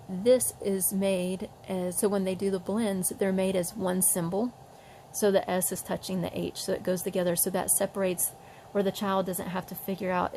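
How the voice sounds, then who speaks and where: Woman, gravelly, flat delivery, parent teaching reading, faint background noise. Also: medium pitch, poor audio. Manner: demonstrates sounds slowly, chatty with fillers. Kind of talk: casual home tutorial.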